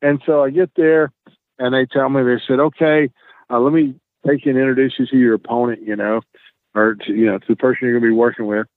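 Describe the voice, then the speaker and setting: Man, animated storyteller, lively delivery, tinny dry line. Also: mid-range voice, fast talker, no room sound. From Tennessee, US. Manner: animated, acts out the dialogue. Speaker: guest, wrestler. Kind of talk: casual storytelling.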